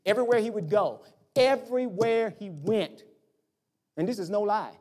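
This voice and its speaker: The man's voice sits high and moves at a normal speed as he preaches a sermon. As a pastor, he animates it with family stories, dramatizing the voices of his parents.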